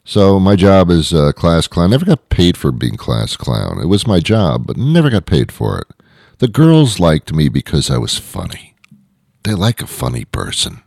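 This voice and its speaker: A man with an extremely deep, gravelly voice rambles through a deadpan comedy monologue, full of sardonic, misanthropic asides. His delivery swings widely in pitch. The recording is dry and close, with no room sound. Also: moderate pace, no echo.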